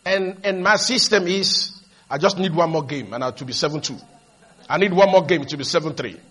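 A man preaching a sermon, leading the congregation to repeat his lines and building up to shouted emphasis as he tells stories. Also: a little high, fairly quick, slightly rough. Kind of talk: sermon with call-and-response.

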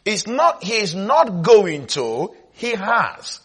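A man's voice: high voice, sing-song, takes it slowly, few pauses, a bit bright, breathy edge. A man preaching a sermon at a Bible school, emphatic, repeating phrases and often asking whether the listeners follow.

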